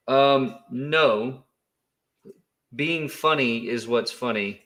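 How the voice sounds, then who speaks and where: Man, livestream co-host, casual rambling chat, laughs a lot, medium pitch. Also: slow pace, long pauses, a bit bright. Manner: rambling, laughs often, with many fillers.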